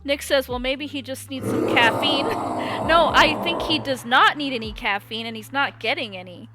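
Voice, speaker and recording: A woman streamer giving excitable let's play commentary, exclaiming often and laughing as she plays. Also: high-pitched, normal speed. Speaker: gaming streamer. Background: loud game music.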